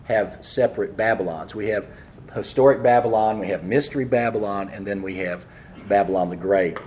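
A man preaching a fervent prophecy sermon, speaking quickly and rising loud when reading scripture. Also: lowish voice, a little hiss or hum. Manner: fast, apologizes for speaking quickly.

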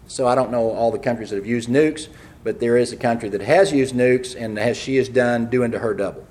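Male preacher, fast and fervent, mid-range voice, sermon delivery. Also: medium pitch. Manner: fervent, rises loud on scripture readings; fast, apologizes for speaking quickly. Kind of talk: prophecy sermon.

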